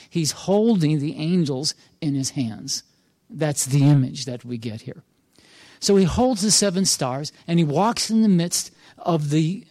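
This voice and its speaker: A man's voice: a little high, a little mellow, dry recording. A male pastor preaching an earnest, encouraging sermon, repeating key phrases for emphasis.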